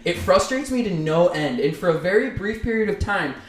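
Dude ranting and cussing on a podcast, kinda high voice, echoey room. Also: male voice, animated, fairly quick, slight background noise. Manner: heated ranting, heavy swearing. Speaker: podcast co-host. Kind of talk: casual chat. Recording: roomy echo.

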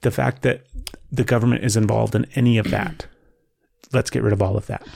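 A man's voice: on the low side, fairly even intonation, a little fast, vocal fry, a little mellow, no echo, studio quality. A man in his forties co-hosting a podcast, chatting casually with a blunt, joking manner and casual swearing. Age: 40s. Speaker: podcast co-host. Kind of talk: casual chat.

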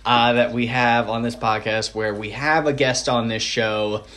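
A man hosting a podcast, his voice sitting at an ordinary middle pitch. He chats loosely and rambles through self-deprecating stories, dotting them with fillers. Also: steady tone, unhurried, fairly bright tone. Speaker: podcast host. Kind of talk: casual podcast chat.

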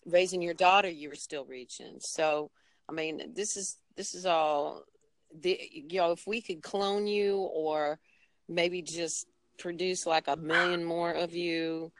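Thoughtful, halting woman guest on a call. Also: on the low side, fairly even intonation, dry recording. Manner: reflective, halting, many restarts. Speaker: podcast guest. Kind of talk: casual interview conversation. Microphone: remote call.

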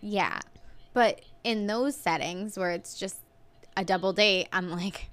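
Uma mulher, coapresentadora de podcast, conversando de forma casual e contando histórias com imitações expressivas. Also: female voice, slow pace, no room sound. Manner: expressive storyteller, mimics people in big pitch jumps. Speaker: podcast co-host. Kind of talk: casual chat.

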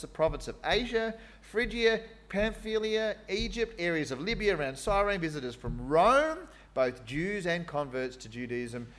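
A man preaching a sermon in an animated, conversational way, with fillers and asides. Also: fairly high pitch.

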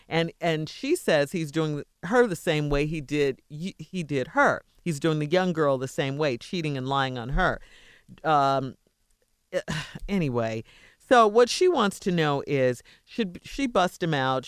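A woman's voice: deep voice, clean tone, no room sound, clean studio sound. A woman co-hosts a radio advice show and talks bluntly. She scolds and hammers home the same points again and again. Her voice rises and falls a lot. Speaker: radio co-host giving advice. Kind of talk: call-in radio advice talk.

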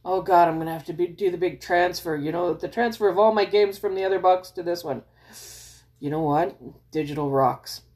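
This is a woman chatting casually to her viewers as a gamer vlogger, her voice a little lower than most. She is excitable and chatty, fixes her own slips mid-sentence, and playacts her reactions in big, high bursts. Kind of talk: casual chat.

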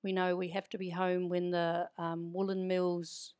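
A woman's voice: fairly low pitch, monotone, a little slow, a little mellow, clear, resonant tone. A woman from New Zealand with an Irish-tinged Kiwi accent, telling stories as an interview guest in a chatty, anecdotal way. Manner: chatty, anecdotal, easy laughter. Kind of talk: conversational storytelling.

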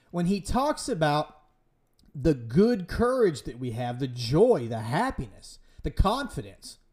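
A man's voice: high voice, a little mellow. A man preaching with passion as a podcast host, emphatic and pleading, full of rhetorical questions. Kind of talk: impassioned preaching.

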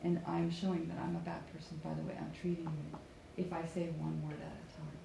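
Low gravelly woman coaching a class. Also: level tone, fairly quick. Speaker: English conversation teacher. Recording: echoey room with faint background noise.

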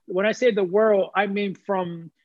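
Man, high voice, heartfelt testimony, preacherly repetition; dry, slightly muffled audio. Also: fairly even intonation, measured pace, no echo. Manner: earnest, preacherly, repeats phrases for emphasis. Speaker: guest sharing testimony. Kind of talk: emotional personal testimony.

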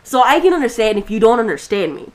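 A woman's voice: on the high side, sing-song, fast talker. Blunt, swearing young woman ranting. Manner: blunt, profane ranting storyteller. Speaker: podcast co-host. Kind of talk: casual chat.

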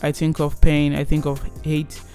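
A young man in his twenties casually telling a personal story, animated and rambling with many restarts. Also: on the high side, moderate pace, soft background music.

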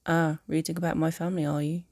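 Draco Malfoy, read by a woman, soft-spoken. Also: low-pitched, little pitch movement, no echo, clean studio sound. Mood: dry. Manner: soft, halting confession. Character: brooding young male aristocrat wizard, remorseful. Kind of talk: fan audiobook reading.

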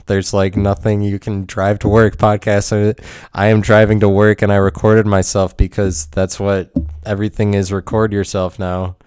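A man's voice: low-pitched, darkish tone, clear, resonant tone, no room sound, clean studio sound. A man hosting a podcast in a rambling solo monologue, self-mocking and profane, laughing often. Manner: profane, provocative. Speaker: podcast host.

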